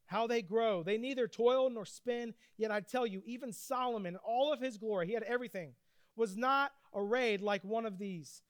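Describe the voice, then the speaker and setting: A man preaching a sermon, telling stories with energy and reading scripture slowly. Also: very high-pitched, no room sound, clean studio sound. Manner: animated storytelling preacher, reads scripture slowly. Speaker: pastor.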